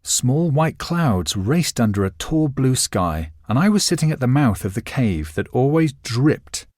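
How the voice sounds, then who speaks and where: Reading from a novel, a male narrator works through a scripted audiobook passage with expressive, measured storytelling. His mid-range voice comes through a dry recording of studio quality.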